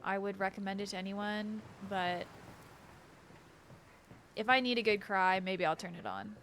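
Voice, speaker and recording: Young woman streaming a game, chatty, greets her chat and reads notes out loud, faint hum behind. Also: mid-range voice, lively intonation, unhurried. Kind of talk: casual game commentary with read-aloud notes.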